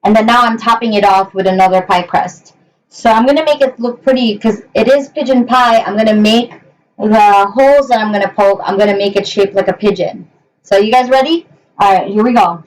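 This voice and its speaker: A woman's voice: medium pitch, fairly quick. A young woman chatting through a live home cooking show in her kitchen, hesitant with many ums, talking to viewers and her dogs. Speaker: cooking livestream host. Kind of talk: casual live cooking chat. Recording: voice a bit far from the mic.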